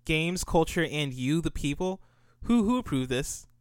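Young male podcast co-host: smooth voice, rambling, easy laughs. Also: on the high side, expressive, unhurried, dry recording, studio quality. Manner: rambling, restarts often, laughs easily. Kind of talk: casual podcast chat.

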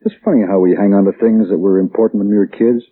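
A man's voice: lowish voice, fairly even intonation, fast talker, slightly rough. A teasing, indulgent father. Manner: dry and indulgent, gently mocking. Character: patient, teasing middle-aged father. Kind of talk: 1940s radio acting. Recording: tinny old radio broadcast, faint hiss.

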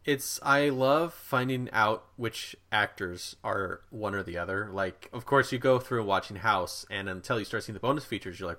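A man's voice: lowish voice, normal speed, few pauses, bright, forceful tone. A man from the United States co-hosting a podcast, chatting casually in an eager, jokey way with many fillers. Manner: enthusiastic, filler-heavy, jokey. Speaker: podcast co-host. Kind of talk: casual chat.

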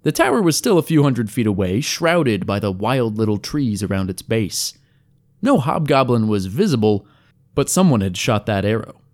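A man's voice: lowish voice, very animated, normal speed, darkish tone. Man narrating a wry fantasy tale. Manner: wry, storytelling. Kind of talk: scripted narration.

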